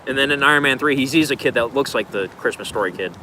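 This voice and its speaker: A man with an ordinary mid-range voice chats loosely through viewer questions on a livestream, drifting from thought to thought with plenty of filler words. His voice sits over a steady hiss of background noise. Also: medium pitch, quick pace, rough recording. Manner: rambling, laid-back, loose filler words. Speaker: streamer answering viewer questions. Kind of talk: casual livestream Q&A.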